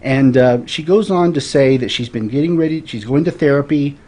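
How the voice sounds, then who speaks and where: Guest storyteller, man, forties, earnest and reflective, middle pitch. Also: brisk, warm tone. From Florida. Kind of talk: casual interview storytelling.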